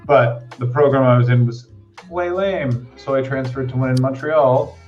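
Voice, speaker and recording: A man's voice: medium pitch, fairly even intonation, normal speed, a little mellow, lo-fi sound, soft background music. A man co-hosting a chat, joking in a profane, mock-grandiose way and mocking himself. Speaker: co-host. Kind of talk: comic banter.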